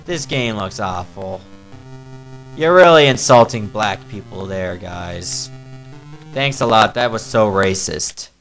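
A man's voice: lowish voice, lively intonation, slow, a bit bright, soft background music, rough recording. A man reviewing a video game with crude, sarcastic, mocking commentary. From Newfoundland, Canada.

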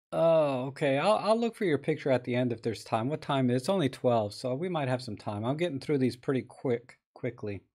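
Between edits on his live photo-editing stream, this man says hi to viewers and muses aloud in a relaxed, talkative way. His everyday mid-range voice is expressive and slightly mellow, moving at a moderate clip.

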